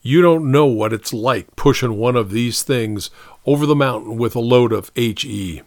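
A man's voice: mid-range voice, moderate pace, no room sound, studio quality, lightly acted. A man voicing a weary, stubborn army sergeant who pushes back at his officer. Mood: strained.

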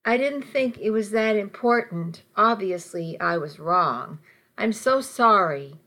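A woman reading the lines of an apologetic, defensive middle-aged husband in an audiobook, in a soft, even voice. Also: mid-range voice, slow pace.

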